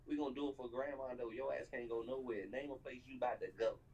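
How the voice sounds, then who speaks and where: Heated, fast-ranting young man. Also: medium pitch, steady tone, dull audio, a little hiss or hum. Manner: heated, mocking, repeats "bro" constantly; rises into near-shouted outbursts. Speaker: streamer reacting to a video. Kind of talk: ranting live commentary.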